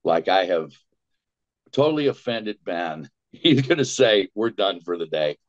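Animated storytelling man, low voice, lo-fi. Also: measured pace. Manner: lively storyteller, acts out quotes and cackles. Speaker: voice actor guest. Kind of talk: storytelling interview anecdote. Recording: dull lo-fi sound.

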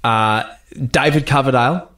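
This is an Australian man in a relaxed interview, spinning stories with plenty of energy and the odd swear word. His voice sits at an ordinary middle pitch, and he laughs freely as he talks. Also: moderate pace. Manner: animated storyteller, laughs often, swears casually. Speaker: guest actor and musician. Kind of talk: casual interview chat.

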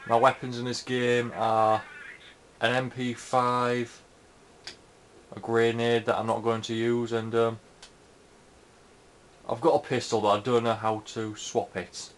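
A young man murmurs his way through a gameplay recording, keeping his voice down so he won't wake anyone at home. His pitch sits in a middle range. A faint background noise hangs under the voice. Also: level tone, slow, pauses often, rough recording. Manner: talking softly so as not to wake someone. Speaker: gamer recording gameplay commentary. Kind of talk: quiet casual gameplay commentary. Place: indoors at home.

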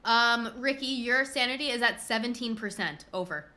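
Young woman streamer, high-ish, bright and lively; jumpy and giggly. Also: moderate pace, a little hiss or hum. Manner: excitable, easily spooked, laughs often. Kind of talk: casual gameplay chat.

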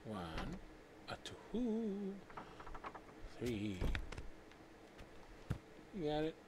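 A man's voice: fairly high pitch, huge pitch swings, very slow. A man streaming a game, with playful casual commentary, chatting to viewers and muttering asides to himself. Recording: noisy stream recording.

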